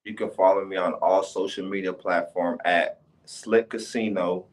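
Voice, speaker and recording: A man guesting as a rapper on a podcast, laid-back and quick to laugh. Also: sits low, fairly even intonation. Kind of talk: casual interview chat.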